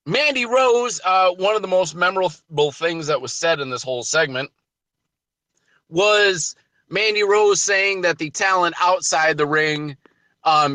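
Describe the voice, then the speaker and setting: A man's voice: on the high side, sharp tone, no echo. A man hosting a wrestling podcast, giving emphatic commentary full of rhetorical questions. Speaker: podcast host.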